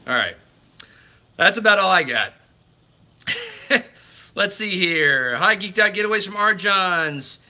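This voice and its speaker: A man's voice: sits high, measured pace, pauses often, pushed and bright. Enthusiastic man hosting a livestream. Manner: rambling, enthusiastic, with many restarts. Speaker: livestream host. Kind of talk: casual livestream chat.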